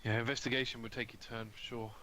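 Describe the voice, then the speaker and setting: A man's voice: mid-range voice, level tone, fast, pushed and bright, slight background noise. A man playing a tabletop game, helpfully explaining rules and settings to the others. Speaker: player. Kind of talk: casual game chat.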